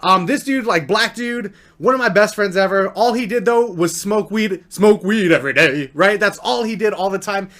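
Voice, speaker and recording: High-voiced young man telling a story. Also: moderate pace, few pauses. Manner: slangy, rambling, animated storytelling. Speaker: vlogger. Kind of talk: storytime vlog.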